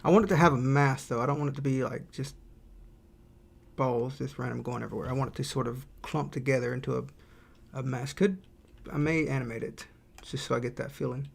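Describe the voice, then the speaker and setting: A man's voice: mid-range voice, a little fast, creaky. A man streaming his indie game development, chatting casually and thinking aloud while he draws and reads chat.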